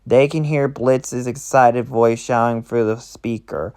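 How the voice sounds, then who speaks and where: Smooth-voiced man reading a roleplay. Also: medium pitch, steady tone, unhurried, few pauses, a little mellow. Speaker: roleplay narrator.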